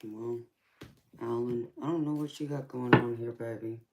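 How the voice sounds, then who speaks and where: A woman's voice: rumbling low, steady tone, moderate pace, background noise. A woman hosting a live tarot stream, chatting casually and affectionately with viewers late at night. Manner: laid-back, affectionate, calls viewers honey and baby.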